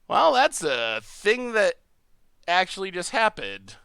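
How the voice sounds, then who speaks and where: Bright, lively-voiced male game streamer. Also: high-pitched, slow, creaky, clean tone, dry recording, clean studio sound. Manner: chatty, thinks aloud, laughs often, restarts phrases. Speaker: streamer playing a card game online. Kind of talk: live gameplay commentary.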